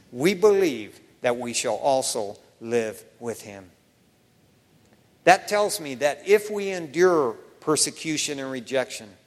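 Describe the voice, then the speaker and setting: A man preaching a sermon as pastor, folksy and animated, telling stories with laughs. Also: medium pitch. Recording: long reverb of a church hall.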